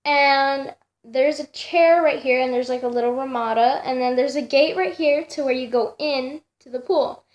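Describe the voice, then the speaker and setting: High-voiced young woman rambling through a story. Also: moderate pace, muffled recording. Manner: rambling, many fillers and restarts. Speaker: vlogger. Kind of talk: casual storytelling.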